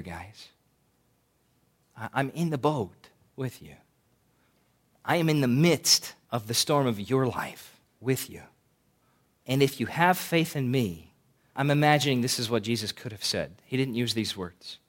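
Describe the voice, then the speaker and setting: A man preaching a sermon, swinging between loud emphasis and hushed, quiet lines. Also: medium pitch, expressive, normal speed. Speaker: pastor.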